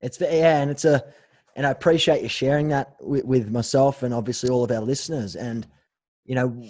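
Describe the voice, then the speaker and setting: A man's voice: mid-range voice, fairly even intonation, fairly quick, a little mellow, no echo. A man hosting a podcast, speaking in a supportive, reflective way. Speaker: podcast host. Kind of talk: interview conversation.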